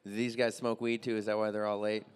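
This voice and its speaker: A man's voice: on the low side, little pitch movement, fast, smooth. A young man doing a loose, crude stand-up set and chatting with the crowd. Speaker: stand-up comedian.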